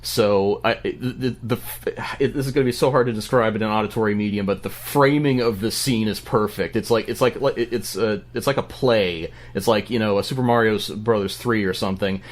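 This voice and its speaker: A man telling a story on a podcast in an animated way, with lots of stammering restarts. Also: on the low side, a little fast, few pauses. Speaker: podcast guest. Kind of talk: casual podcast chat.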